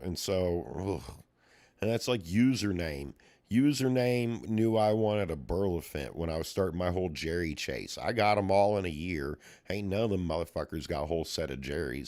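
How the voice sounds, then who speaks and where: Low-voiced man ranting on a livestream. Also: expressive, moderate pace, a little mellow. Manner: profane and heated; rants with rising exasperation. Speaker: livestreamer and puzzle collector.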